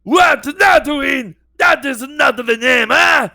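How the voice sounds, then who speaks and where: A man voicing a greedy alien junk dealer in shouted, squawking bursts. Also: extremely high pitch, animated, takes it slowly, creaky, slightly rough, no room sound, clean studio sound, voice pushed up, full character voice. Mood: indignant haggling.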